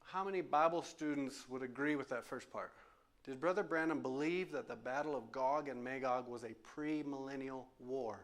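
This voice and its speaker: In a church sanctuary, a male pastor preaches emphatically during a question and answer session, repeating phrases for stress. His voice is mid-range and a bit bright.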